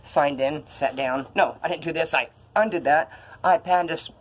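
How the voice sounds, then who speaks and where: A young man vlogging from a room films himself rambling through stories, profane and feeling ill. His voice is a little high and his speed normal.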